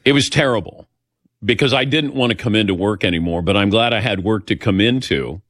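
A man's voice: lowish voice, fairly quick, a bit bright, no room sound, clean studio sound. An older man hosting a show, telling personal stories in a chatty, self-deprecating way and acting out the voices he quotes. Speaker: host. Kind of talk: casual storytelling chat.

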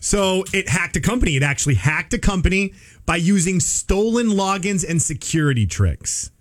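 A man's voice: high voice, animated, normal speed. A man co-hosting a podcast in casual chat, explaining things with playful analogies. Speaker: podcast co-host.

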